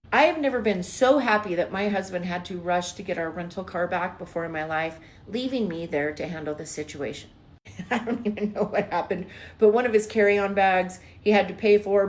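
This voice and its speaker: Emotional middle-aged woman telling a story. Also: lowish voice. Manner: emotional, swings from hushed whispers to excited bursts. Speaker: spiritual storyteller and realtor. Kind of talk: personal storytelling vlog.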